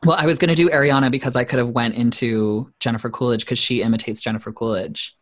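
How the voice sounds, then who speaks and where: A man guesting on an interview, talking casually and bluntly, swearing freely as he tells quick anecdotes. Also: medium pitch, fairly even intonation. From Canada. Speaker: drag performer guest.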